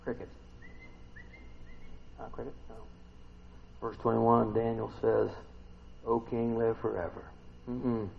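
A man preaching a casual sermon, retelling a scripture story and asking the listeners questions, swinging between loud and soft. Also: mid-range voice, little pitch movement, slow pace, creaky, pauses often, phone-quality sound.

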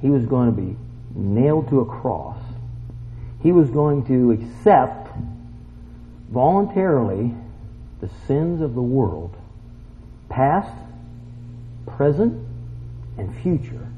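Animated lay preacher, lo-fi sound. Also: male voice, mid-range voice, normal speed, pauses often, slight background noise. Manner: animated, swings from shouted exclamations to quiet asides. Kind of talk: sermon. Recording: dull lo-fi sound.

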